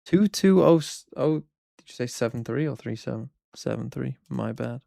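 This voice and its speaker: A man's voice: mid-range voice, lively intonation, moderate pace, creaky, mellow, no room sound, clean studio sound. A man streaming, casually reviewing viewers' fantasy teams in a wry, blunt way, thinking aloud. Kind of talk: casual livestream commentary.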